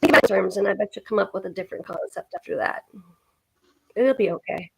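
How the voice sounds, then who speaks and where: Woman stream co-host, gravelly, earnest, repeats for comfort. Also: medium pitch, fast, background noise. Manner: earnest, encouraging, repeats herself. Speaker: livestream co-host. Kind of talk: casual supportive chat.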